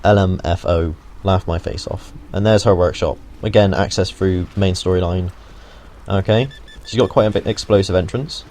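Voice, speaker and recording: Low-voiced jokey gamer. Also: male voice, fairly even intonation, moderate pace, a little mellow. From United Kingdom. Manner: jokey, rambling asides, mild swearing. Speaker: gaming video host. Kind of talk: casual gameplay walkthrough commentary.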